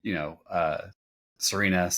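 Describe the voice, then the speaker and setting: A man's voice: deep voice, fairly even intonation, bright, forceful tone. A man chatting on a podcast, making jokey asides and restarting his sentences as he goes. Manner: joking, quick asides, repeats words as he starts. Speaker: podcast co-host. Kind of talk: casual podcast chat.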